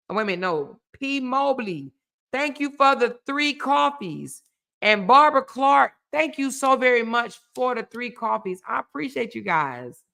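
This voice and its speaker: Bright, slow-talking woman hosting a live stream. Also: fairly high pitch, gravelly. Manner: chatty, laughs often, reads out viewer names and thanks them. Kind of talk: casual live stream chat.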